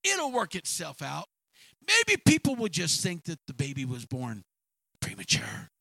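A man's voice: a little high, wildly swooping pitch, measured pace, vocal fry, bright, forceful tone, dry recording. A man preaching a sermon with dramatic storytelling and emphatic repetition.

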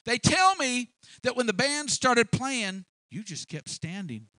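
A man voicing a proud, boastful ancient king who brags in drawn-out, self-important words. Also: very high voice, very animated, bright, forceful tone, no room sound, pitched above the performer's own voice, full character voice. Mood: scolding.

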